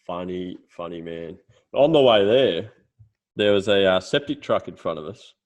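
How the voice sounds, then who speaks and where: A man's voice: deep voice, animated, moderate pace. A young Australian man co-hosting a casual podcast, telling stories with lots of swearing and laughter. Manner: storytelling, swears freely, laughs while telling. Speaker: podcast co-host. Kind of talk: casual chat.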